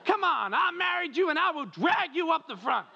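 A man putting on a fired-up American hillbilly wife in a put-on Southern accent, loud and pushy. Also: extremely high pitch, very animated, moderate pace, gravelly, muffled recording, voice pushed up, full character voice. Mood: hollering.

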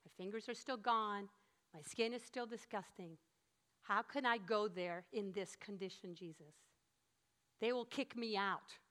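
A woman's voice: medium pitch, unhurried, a bit bright, voice pushed down, lightly acted. A woman voicing a despairing man with leprosy, who pleads anxiously.

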